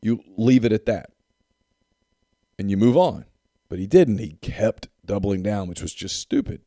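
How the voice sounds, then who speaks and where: A man's voice: lowish voice, animated, measured pace, dark tone, dry recording, studio quality. A man co-hosting a sports podcast in casual chat, emphatic and repeating points for effect. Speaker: podcast co-host.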